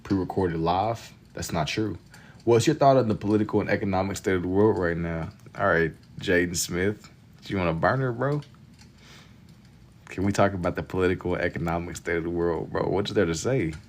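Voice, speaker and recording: A young man with a very low voice talks loosely to his chat while he draws, slangy and relaxed. He streams from a home setup with casual banter. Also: brisk, a little hiss or hum. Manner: laid-back slangy banter with chat, frequent laughs. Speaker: livestream artist.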